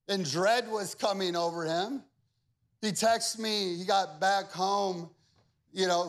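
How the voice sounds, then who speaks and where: Animated and repetitive, this male pastor gives a sermon that feels like conversation, delivered in a high voice. Loud, emphatic moments alternate with hushed remarks.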